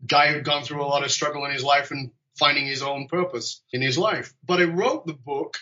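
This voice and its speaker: Bright-voiced man guest on a lo-fi call. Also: on the high side, fairly quick. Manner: animated, jokey, acts out quoted dialogue. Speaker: podcast guest. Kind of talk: conversational storytelling. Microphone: video call.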